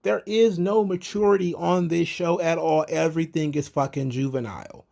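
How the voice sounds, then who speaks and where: A man's voice: fairly high pitch, fairly even intonation, moderate pace, gravelly, hardly any pauses, dark tone. A man hosting his own wrestling commentary, rambling and swearing in an exasperated rant. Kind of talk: casual ranting commentary.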